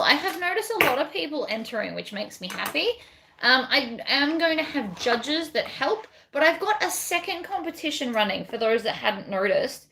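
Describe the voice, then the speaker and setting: A bag pattern designer chats casually on a livestream while sewing a bag, reading viewer comments and rambling between steps. Her voice is on the high side, bright and forceful, with vocal fry.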